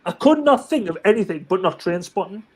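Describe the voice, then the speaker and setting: A man in casual group chat, telling film anecdotes in an animated way with frequent restarts. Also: high voice, brisk. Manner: chatty, animated storyteller with many restarts. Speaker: live chat participant.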